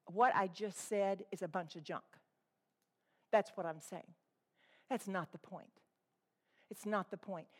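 A woman's voice: fairly low pitch, unhurried, long pauses, breathy edge. A woman preacher delivering a sermon to a congregation, speaking with passion and repeating phrases for emphasis, and reading scripture aloud.

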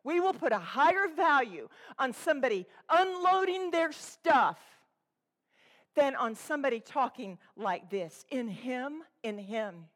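Woman preaching to a church crowd, high voice, goes from loud to almost whispering. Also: sing-song, unhurried. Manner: dramatic swings between loud exhortation and hushed intensity. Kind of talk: sermon. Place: church room with a congregation.

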